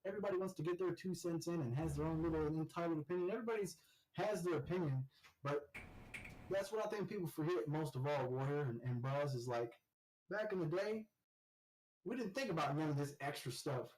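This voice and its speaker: A man co-hosting a casual gaming chat, telling stories in an animated way and rising loud when he quotes teammates. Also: a little high, fairly quick, a little hiss or hum, poor audio. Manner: animated storyteller, shouts when quoting teammates. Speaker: podcast co-host.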